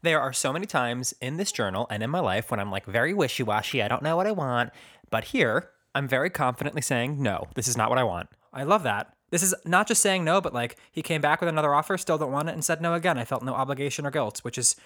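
A man's voice: mid-range voice, expressive, fast, fairly bright tone. A man co-hosting a casual podcast, joking playfully and giggling while talking about his journal. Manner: silly, giggly, playful jokes. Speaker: podcast co-host reading his old journal. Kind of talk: casual chat.

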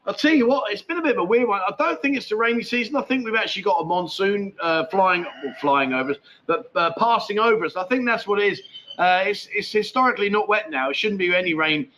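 Chatty man, high bright voice. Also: animated, fast talker, lo-fi sound, a little hiss or hum. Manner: rambling, chatty, swears freely, laughs often. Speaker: live stream chat show host. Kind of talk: casual chat, reading viewer comments. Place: at home with a dog nearby.

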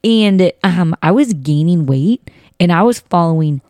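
A woman's voice: fairly low pitch, animated, unhurried, mellow, no echo. A woman hosting a faith-based podcast, chatting casually and animatedly. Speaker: podcast host.

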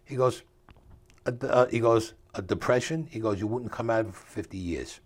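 This older man, a guest in an interview, tells a story with streetwise flair and rough grammar, doing the voices of the people he quotes. His voice sits in the mid range and moves a little fast.

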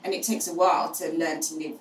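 A middle-aged woman, a guest on the show, telling her experience frankly and finding humour in dark moments. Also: sits low, fairly even intonation, fast. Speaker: guest, charity co-founder. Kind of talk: candid storytelling in conversation. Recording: roomy, distant mic with faint noise.

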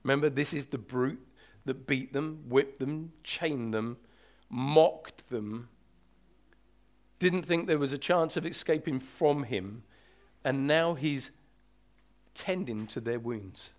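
A pastor preaches a sermon with emphatic urgency in a mid-range voice, slowing down to stretch out key words for weight.

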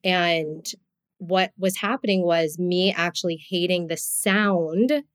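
A woman podcast host with a New Jersey accent, talking in a casual, heartfelt and expressive way, often saying "like". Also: fairly low pitch, slow pace. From US East Coast. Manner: expressive, heartfelt, frequent "like" fillers.

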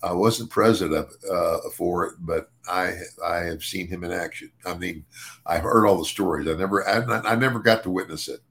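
An older man chats casually on a podcast in a low, gravelly voice. He keeps restarting and repeating words as he talks. The tone stays easygoing and conversational. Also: moderate pace, fairly bright tone. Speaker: podcast co-host and former wrestler.

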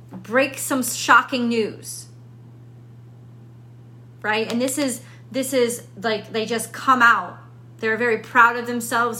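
A woman's voice: on the high side, sharp tone, a little hiss or hum. A woman reading tarot cards in a casual, unscripted way, thinking aloud and often repeating her questions. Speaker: tarot reader.

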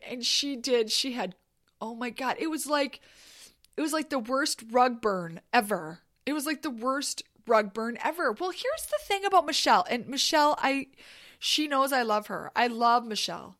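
A woman spins a casual personal story, her voice sitting a little high. She gets animated, swears freely and acts out the yelled lines. The sound is dry and close, with no room echo. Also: normal speed. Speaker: storyteller host.

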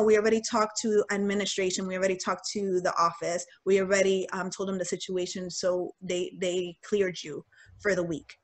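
A young woman telling a personal story in casual talk, candid and animated, acting out what people said. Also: mid-range voice, moderate pace. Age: young adult. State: getting choked up. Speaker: guest sharing a personal story.

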